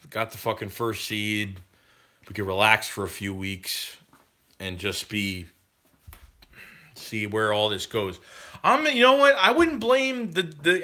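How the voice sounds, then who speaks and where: Sharp-voiced man ranting profanely. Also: on the low side. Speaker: live streamer answering chat. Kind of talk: casual live-stream sports rant.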